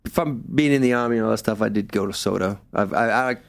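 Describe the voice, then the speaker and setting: A man's voice: fairly low pitch, fast talker, gravelly. A man with a Revere Boston accent hosting a radio show, telling rambling anecdotes in casual chat and repeating his words as he goes.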